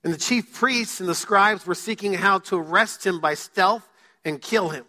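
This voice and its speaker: A male pastor preaching a sermon in a church, joking with the congregation and using dramatic pauses. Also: high voice, bright, forceful tone. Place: church sanctuary. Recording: long hall reverb.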